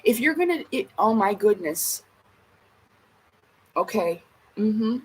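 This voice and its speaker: A woman's voice: medium pitch, big pitch swings, takes it slowly, a little hiss or hum, poor audio. A woman vlogger in a casual ranting monologue, blunt and emphatic, swearing heavily.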